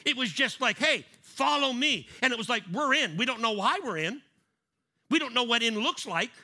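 Bright-voiced man preaching. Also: very high-pitched, lively intonation, a little fast. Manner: conversational preaching, acts out little scenes; repeats key lines for emphasis. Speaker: pastor. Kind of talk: sermon.

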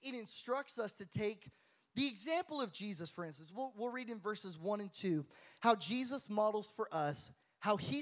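A man preaching a sermon as the pastor. He tells stories in a lively, joking manner and often laughs at his own tales, then moves into Bible teaching. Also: sits high. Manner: animated, jokey storyteller who laughs at his own tales. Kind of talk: sermon with storytelling.

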